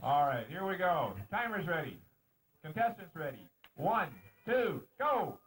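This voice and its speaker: A man's voice: on the high side, big pitch swings, measured pace, background noise. A man emceeing an outdoor lumberjack show, joking with and teasing the contestants as he calls out the races. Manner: joking, teasing announcer calling out race commands. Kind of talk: live show emceeing with banter. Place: outdoor show arena on a mountain. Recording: distant outdoor home-video sound.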